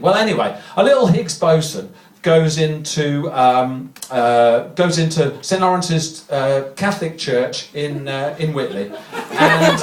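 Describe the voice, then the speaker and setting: A man from Reading doing stand-up in a comedy club, rambling through self-deprecating digressions with a deadpan touch, recorded from a distance. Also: fairly high pitch, a little hiss or hum. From Reading, England. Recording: echoey club recording from far off, audience laughter.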